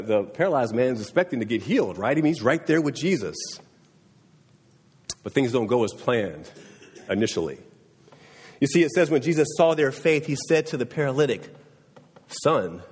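A man of middle pitch preaches a sermon, talking plainly and often asking his listeners "right?". His voice has a husky edge. It rings out with the long reverb of a church hall. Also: a little mellow. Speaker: pastor.

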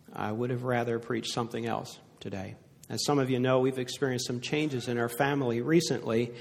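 Older male pastor, earnest sermon storyteller, mid-pitched, reverberant sanctuary sound. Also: gravelly. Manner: earnest storytelling, dropping to a hushed voice for sad points. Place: church sanctuary before a congregation. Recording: echoey hall reverb.

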